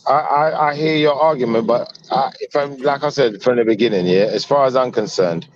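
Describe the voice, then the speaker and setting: A man arguing earnestly in a panel debate, halting and restarting as he builds his point. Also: medium pitch, muffled recording. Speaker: panel guest. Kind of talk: debate argument.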